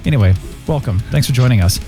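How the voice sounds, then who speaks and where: A man hosting a casual review chat, upbeat and jokey, his pitch swinging up and down a lot. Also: expressive, fast, mellow, soft background music. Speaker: podcast host.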